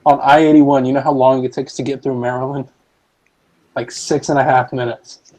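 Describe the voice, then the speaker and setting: A man's voice: medium pitch, flat delivery, moderate pace, dark tone, rough recording. A man in casual chat, jokey and teasing, often stopping and restarting his sentences.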